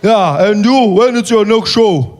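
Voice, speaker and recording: A comedian impersonating a self-assured male politician with a South African accent, speaking slowly and loudly. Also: high-pitched, expressive, voice pushed up. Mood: teasing. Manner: slow, loud, drawn-out delivery. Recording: noisy live stage recording.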